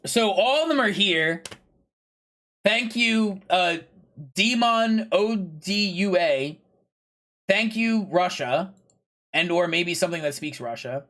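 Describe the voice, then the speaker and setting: High-voiced rambling male streamer. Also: animated, takes it slowly, pauses often, a bit bright. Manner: rambling, filler-heavy, chatty; pushy, playful plugging. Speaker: game streamer. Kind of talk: casual live-stream chat.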